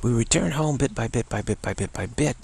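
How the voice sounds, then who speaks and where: A man giving an unscripted spiritual talk, halting and repeating words between pauses. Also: mid-range voice, expressive, darkish tone, slight background noise. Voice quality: gravelly, husky. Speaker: spiritual teacher.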